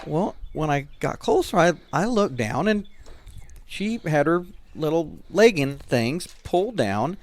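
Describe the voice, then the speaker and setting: A man co-hosting a podcast, telling a rambling story with halting restarts in casual chat. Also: fairly high pitch, big pitch swings, dry recording. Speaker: podcast co-host.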